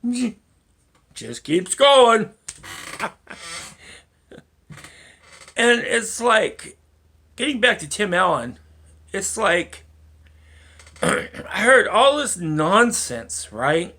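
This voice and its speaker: Slow-talking, animated man ranting. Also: high-pitched. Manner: rambling, profane, chuckling to himself. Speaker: vlogger. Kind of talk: rambling solo monologue.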